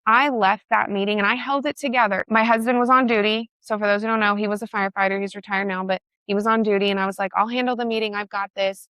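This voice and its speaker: A woman tells her story with blunt, emotional emphasis and the odd swear word. Her voice is bright and forceful. The sound is close and dry, with no room in it. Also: mid-range voice, fairly even intonation, quick pace, few pauses, dry recording. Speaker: guest. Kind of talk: personal storytelling in conversation.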